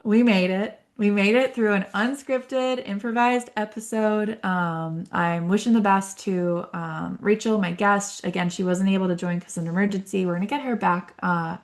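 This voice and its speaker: Podcast host, woman, lively and playful delivery, with some gravelly fry in her voice. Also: medium pitch, moderate pace. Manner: animated, demonstrates rhythmic and sing-song speech. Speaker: podcast host and speech therapist. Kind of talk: unscripted solo podcast talk.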